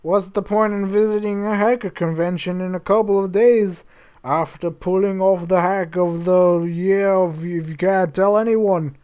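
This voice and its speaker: A man's voice: sits high, fairly even intonation, moderate pace, a little mellow, smooth, pitched above the performer's own voice, close to an everyday voice. A man reading as a nervous young hacker. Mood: unsure.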